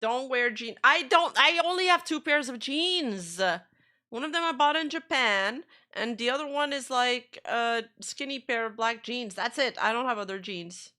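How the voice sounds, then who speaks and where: A woman's voice: fairly high pitch, moderate pace, pushed and bright. A woman streamer in casual chat, rambling and trailing off as she reacts to videos. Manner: chatty, rambling, trails off mid-sentence.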